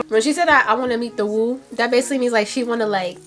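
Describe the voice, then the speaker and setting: This is a young woman with a Brooklyn New York accent, talking in a loose, slangy vlog style and breaking into giggles often. Her voice sits a little on the high side, and faint music plays underneath. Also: rapid-fire, hardly any pauses. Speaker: vlogger. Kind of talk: casual chat.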